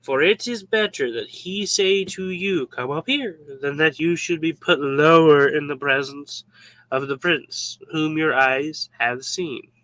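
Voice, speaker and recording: A man's voice: a little high, a little slow, fairly bright tone, no echo, rough recording. A man giving a casual devotional Bible talk, informal and joking, acting out little scenes as he explains. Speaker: Bible teacher.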